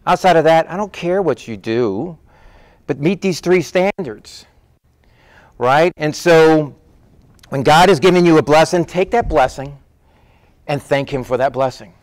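High-voiced man preaching a sermon. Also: unhurried, long pauses, no room sound. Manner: conversational preaching, acts out quoted voices. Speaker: pastor.

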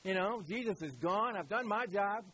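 A man's voice: sits high, moderate pace, fairly bright tone, slightly rough. A man playing a laid-back, unbothered angel. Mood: casual. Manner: offhand, easygoing.

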